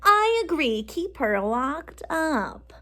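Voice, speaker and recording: A woman voices a wicked old woman in a storybook. She drags out her words slowly and gloats. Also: high voice, big pitch swings, pushed and bright, voice pushed up, exaggerated voice. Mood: gloating.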